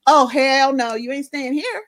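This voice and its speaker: A woman voicing her alarmed, protective female office manager, blunt and emphatic, in a much higher and louder voice. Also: fairly quick, no echo, natural voice. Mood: insistent. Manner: loud, emphatic, blunt slang.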